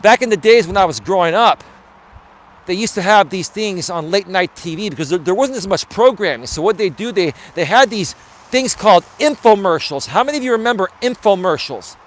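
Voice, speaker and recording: High-voiced man life coach on a walking livestream. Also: expressive, brisk. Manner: chatty, blunt, talks to his chat while walking. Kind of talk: casual live-stream monologue. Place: outdoors, walking around a building. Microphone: phone live stream.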